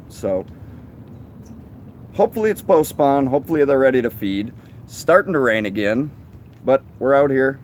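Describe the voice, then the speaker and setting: A man with an ordinary mid-pitched voice chats on a live fishing stream at night, asking his partner questions and thinking aloud. His talk is loose and conversational. Faint outdoor noise sits behind him. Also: darkish tone. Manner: asks questions, chatty and loose. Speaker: fishing show co-host. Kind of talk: casual live-stream chat.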